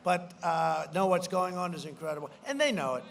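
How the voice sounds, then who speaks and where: Male politician, raised pitch, loose repetitive rally delivery with mocking asides, faint background hum. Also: lively intonation, a little fast, vocal fry. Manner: rambling, repetitive, swings into shouted punchlines; mocking mimicry of opponents. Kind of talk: campaign rally speech.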